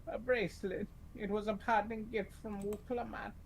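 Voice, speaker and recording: A man voicing a doddering, gentle and grateful old woman in a soft, pleading voice. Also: high voice, level tone, normal speed, a little hiss or hum, voice pushed up, poor audio.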